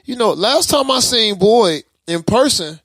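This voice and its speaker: A man co-hosting a casual podcast chat, animated and joking, often breaking into laughter. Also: high-pitched, a little slow, no room sound. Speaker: podcast co-host.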